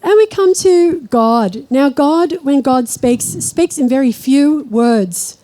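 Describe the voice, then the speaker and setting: A woman giving a live spiritual talk to an audience, chatty and storytelling, slowing down when she speaks of God. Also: high-pitched, warm tone, low-quality recording. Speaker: spiritual teacher.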